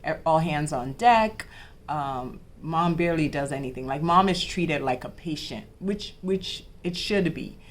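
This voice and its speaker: A young adult woman, a podcast host, casually telling her own birth story with many fillers and restarts, acting out the conversations she had. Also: sits low.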